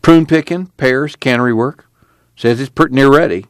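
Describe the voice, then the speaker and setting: A man's voice: medium pitch, moderate pace, no echo, voice pushed down, natural voice. A man voicing a weary, patient migrant worker man in a drawling, matter-of-fact rural manner. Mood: weary insistent.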